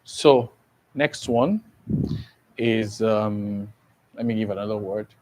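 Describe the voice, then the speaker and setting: Slow, deliberate male teacher. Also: on the low side, darkish tone, low-quality recording. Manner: slow and deliberate, spells words letter by letter and often checks understanding. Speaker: English teacher. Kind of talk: exam-prep grammar lesson.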